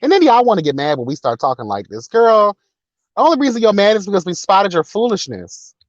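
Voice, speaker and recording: A man's voice: high-pitched, very animated, fast talker, no room sound, muffled recording. Sassy, profane man with a raised voice. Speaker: livestream host reading chat. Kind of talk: casual chat.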